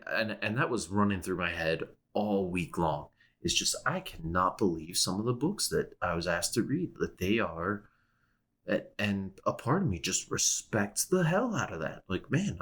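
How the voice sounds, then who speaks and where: A young man with a very deep voice, co-hosting a casual podcast. He rambles, restarts his sentences and laughs often as he chats. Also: sing-song, normal speed, a bit bright. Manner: rambling, self-interrupting, with frequent restarts and laughs. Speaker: podcast co-host. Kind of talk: casual chat.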